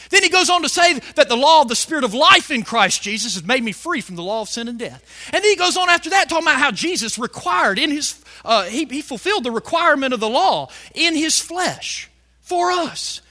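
A male preacher delivering a fiery sermon, shouting some lines and stretching words out slowly for emphasis. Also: very high voice, sing-song. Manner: fiery, shouting emphasis with big swings in loudness.

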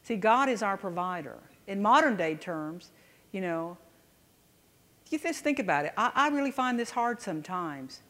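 A woman's voice: mid-range voice, lively intonation, moderate pace, a bit bright. Woman preacher, chatty and emphatic sermon delivery, mid-range voice, long hall reverb. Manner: conversational, emphatic, frequent restarts and "right?" asides.

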